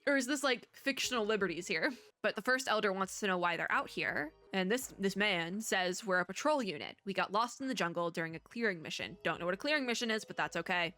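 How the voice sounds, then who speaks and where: A woman streamer with a bright, forward voice talks through a story game, reading lines aloud and trailing off into chatty asides. Her throat sounds strained, and she laughs often between thoughts. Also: mid-range voice, lively intonation, quick pace. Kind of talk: casual gameplay commentary and reading aloud.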